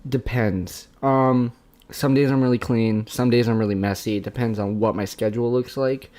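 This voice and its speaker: A young man hosting his own livestream, speaking candidly and haltingly, with many restarts. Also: mid-range voice, steady tone, darkish tone. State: tearful, emotional. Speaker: channel host being interviewed. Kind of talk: casual livestream chat.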